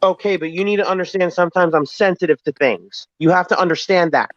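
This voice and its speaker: A man's voice: high voice, fast talker, no echo. Defensive man on a lo-fi stream. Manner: defensive, repeats himself, explains his feelings. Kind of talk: heated live-stream argument. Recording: dry, dull lo-fi stream audio.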